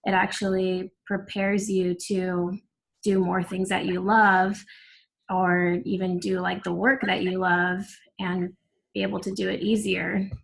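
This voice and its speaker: A woman's voice: medium pitch, flat delivery, unhurried, creaky, rough recording. A woman on a group call, sharing her thoughts earnestly with plenty of "like" fillers. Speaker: call participant. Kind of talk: casual reflective sharing.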